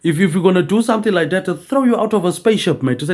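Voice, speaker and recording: A man's voice: high-pitched, animated, rapid-fire, hardly any pauses, darkish tone. A man rambling on in a loose monologue, swearing freely and tagging almost every line with "mate".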